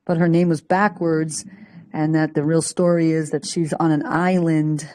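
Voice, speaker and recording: A woman's voice: low voice, little pitch movement, normal speed, dark tone, rough recording. A woman calling in to a group call, speaking hesitantly with many fillers. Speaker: caller. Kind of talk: casual call chat.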